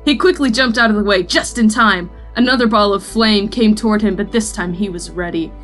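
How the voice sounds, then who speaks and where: A woman's voice: mid-range voice, a little fast, a bit bright, faint music behind. A woman co-hosting a podcast, reading fan fiction aloud for comedy. She is amused, laughs often and sometimes stumbles on the lines. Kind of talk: comic read-aloud with banter.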